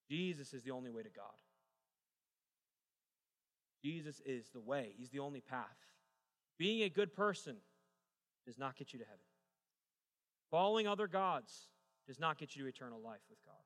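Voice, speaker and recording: A young man preaching to a congregation with a bright, forceful, fairly high voice. He tells a joking story and then drives his points home emphatically. His voice rings with a long reverb through a large church hall. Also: expressive, normal speed. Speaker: pastor. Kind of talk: sermon.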